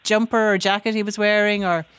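A woman presenting a radio phone-in. She chats with callers in an encouraging way and keeps things moving with quick asides. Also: medium pitch, level tone, fairly bright tone, smooth.

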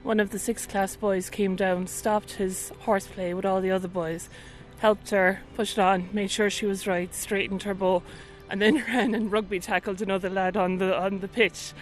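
A woman teacher recalling a memory in an even, matter-of-fact way. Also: medium pitch, normal speed, rough recording. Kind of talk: interview anecdote.

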